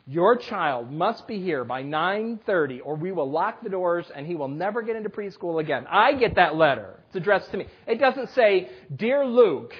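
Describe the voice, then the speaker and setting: A husky, fairly high-voiced man in his thirties preaches in a church, speaking plainly and directly to the children. The recording is dull and lo-fi. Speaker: pastor. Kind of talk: sermon. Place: church sanctuary.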